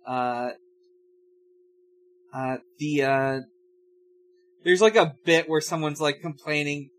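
A man on a casual podcast reads through a comic and stumbles along with lots of fillers and restarts. His voice sits on the higher side for a man, and he takes his time getting each thought out. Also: fairly even intonation, a little hiss or hum, rough recording. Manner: halting, many fillers and restarts. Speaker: podcast co-host. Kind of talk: casual chat reading a comic.

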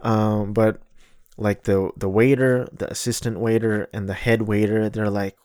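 A man's voice: lowish voice, flat delivery, measured pace, darkish tone, no echo, studio quality. A man in his thirties telling a rambling travel story in a casual, wry way, often correcting himself mid-sentence. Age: 30s.

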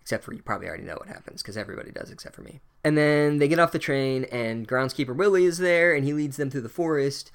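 A man's voice: on the high side, animated, quick pace, hardly any pauses, clear, resonant tone. Sarcastic, profane young man. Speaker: podcast host reviewing a book. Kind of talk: comedic book recap.

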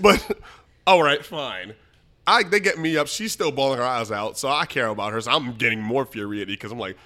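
Young guy from the bronx telling a wild story, talks fast, bright punchy voice, keeps laughing. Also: mid-range voice, lively intonation. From the Bronx, New York. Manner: laughs often, acts out his own quotes loudly. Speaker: podcast guest. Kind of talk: animated storytelling.

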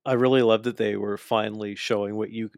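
Lower-voiced man recapping wrestling matches. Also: level tone, a little fast, darkish tone, no echo, clean studio sound. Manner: enthusiastic storytelling, acts out wrestlers' lines; frequent fillers and restarts. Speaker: wrestling show co-host. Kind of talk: casual recap chat.

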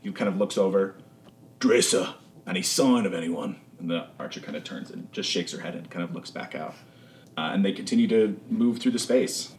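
A man's voice: low voice, a little fast, a little mellow, slight background noise. Laid-back man running a tabletop game. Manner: casual, filler-heavy description. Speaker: game master. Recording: roomy sound, mic at a distance.

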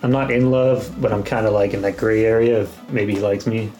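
A man's voice: fairly low pitch, steady tone, brisk, warm tone. A man co-hosting a gaming podcast, trading jokes and teasing banter in casual chat. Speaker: podcast co-host. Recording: roomy echo with music behind.

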